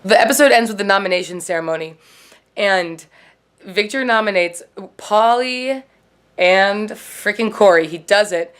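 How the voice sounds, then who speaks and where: A woman with a medium-pitched voice, speaking at normal speed, hosts a casual TV recap vlog. She rambles and swears freely, dropping "like" into nearly every sentence.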